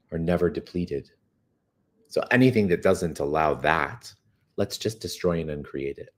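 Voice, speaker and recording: A man leading listeners through a guided spiritual exercise, talking expressively and slowing down to stretch his key words. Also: deep voice, a little mellow. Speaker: course guide.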